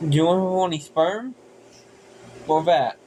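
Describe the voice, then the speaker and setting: A man's voice: on the high side, takes it slowly, warm tone, slight background noise. A man chatting casually while reacting to a video, playful and teasing.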